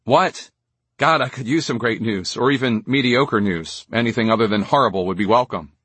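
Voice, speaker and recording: A besieged congressman answers in short, blunt lines, as a narrator reads him. The voice is husky and dry, read close, in an audiobook. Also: medium pitch, moderate pace, a bit bright, no echo. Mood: tense. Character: embattled male congressman, a war veteran.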